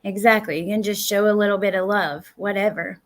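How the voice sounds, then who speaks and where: A woman chats live on her stream, mid-pitched for her sex, answering viewers one name at a time. She swings from fired-up, profane ranting to soft, warm thanks. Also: fairly even intonation, fairly quick. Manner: heated and profane, then warm and thankful to chatters. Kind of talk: casual live-stream chat, reading viewer comments.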